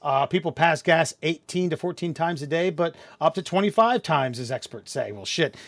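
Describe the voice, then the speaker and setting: A man hosting a casual podcast, swearing often and rambling in quick bursts. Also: a little high, animated, fairly bright tone, no echo. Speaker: podcast host.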